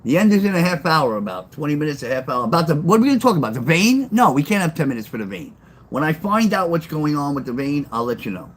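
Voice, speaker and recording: A man's voice: on the high side, big pitch swings, fast talker. An older man, chatting loosely with his livestream viewers and telling stories in a blunt, rambling way that repeats itself. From New York. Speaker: livestream host and storyteller. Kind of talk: casual livestream chat with chat readers.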